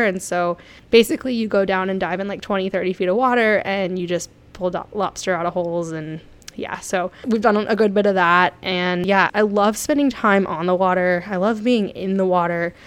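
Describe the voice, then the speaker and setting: Chatty, excitable young woman. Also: lowish voice, clear, resonant tone. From South Florida. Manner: chatty, excitable, laughs often. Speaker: vlogger. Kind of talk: casual storytelling.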